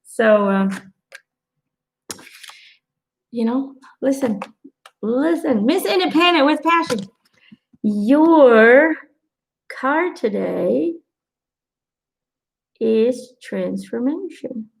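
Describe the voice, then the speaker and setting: Chatty woman with a gravelly edge. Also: high-pitched, extremely slow, pauses often, a little hiss or hum, low-quality recording. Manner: chatty, animated storytelling with quoted asides; reassuring, addresses viewers directly. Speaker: intuitive card reader. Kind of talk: live-stream angel card reading.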